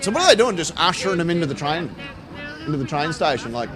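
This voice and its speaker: A man's voice: fairly high pitch, sing-song, fast, crowd noise. Crude, mocking Australian man. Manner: crude, mocking, swears freely, laughs at own jokes. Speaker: live show host. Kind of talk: sarcastic live commentary on protest footage.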